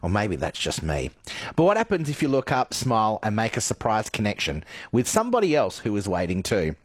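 A man introducing a radio segment from a script, with an expressive delivery. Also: fairly low pitch, brisk, husky, no room sound. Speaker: radio presenter.

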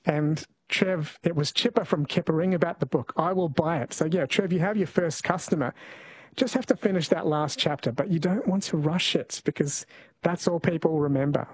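A fairly high-voiced man hosts a talkback radio quiz. He chats easily with callers and often stops to correct himself. The studio sound is close and dry. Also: normal speed, slightly rough, no echo, rough recording. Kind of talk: casual talkback radio chat.

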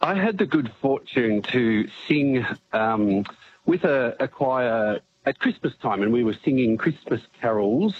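A man calling in to a radio show, speaking hesitantly with many pauses and fillers. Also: mid-range voice, lively intonation. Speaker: radio caller. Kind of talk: casual chat on a call-in show. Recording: tinny phone line.

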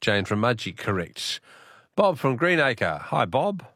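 An Australian man hosts a talkback quiz on radio, chatty and quick to laugh. He speaks at a middling pitch into a dry, close studio microphone. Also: very animated, a bit bright, no room sound. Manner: chatty, laughs often, repeats quiz questions.

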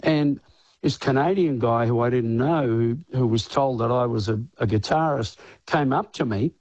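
An older man with an Australian accent spins loose, rambling stories, leaning on fillers as he goes. His voice is husky, caught dry and close at a studio mic. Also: mid-range voice, moderate pace, darkish tone, dry recording, muffled recording. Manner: rambling storyteller, filler-heavy. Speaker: guest musician. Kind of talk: radio interview.

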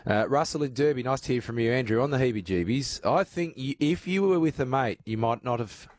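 A man's voice: medium pitch, expressive, a little fast, darkish tone, dry recording, studio quality. A man with an Australian accent hosting talkback radio, chatty with many filler sounds. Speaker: radio host.

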